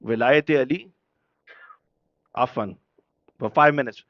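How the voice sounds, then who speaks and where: A man's voice: fairly high pitch, animated, fairly quick, dry recording, lo-fi sound. A man preaching an impassioned sermon at a mourning gathering. He fires off rhetorical questions and switches between English and Urdu.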